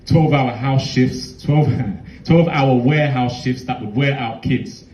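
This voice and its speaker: A man's voice: medium pitch, unhurried, a little mellow, roomy sound, dull audio. A young man with a London accent performing a heartfelt spoken word poem in a rhythmic, rhyming delivery.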